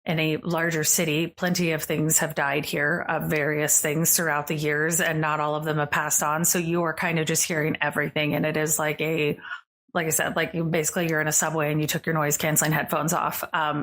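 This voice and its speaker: A woman's voice: low-pitched, fairly bright tone. A woman narrating as game master of a tabletop game, chatty and rambling with many fillers.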